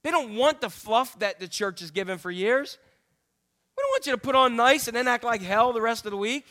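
A middle-aged male pastor preaching a candid, self-deprecating sermon full of jokey asides and sudden high exclamations. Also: big pitch swings, brisk, sharp tone. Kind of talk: humorous conversational sermon.

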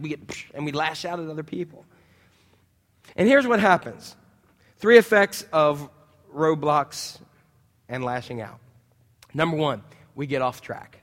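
A man preaching a sermon in a church, telling stories animatedly and acting out voices. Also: on the high side. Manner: animated storytelling, acts out voices. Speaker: pastor. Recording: long church-hall reverb.

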